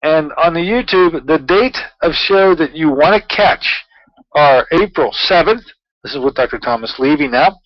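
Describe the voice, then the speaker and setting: A man's voice: fairly high pitch, expressive, normal speed, no room sound, muffled recording. A man hosting his own talk show, chatting loosely through news items with many fillers and asides. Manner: chatty, rambling, with frequent fillers. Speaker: radio show host. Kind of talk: casual talk-show monologue.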